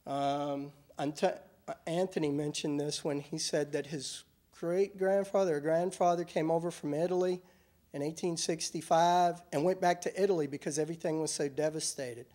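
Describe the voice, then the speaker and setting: A man's voice: fairly high pitch, steady tone, normal speed, dark tone. A middle-aged man from Virginia with a Southern accent, giving a thoughtful, wry talk at a university symposium. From Richmond, Virginia, US. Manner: thoughtful, wry lecturing with some self-corrections. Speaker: academic speaker at a symposium. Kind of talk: conference talk.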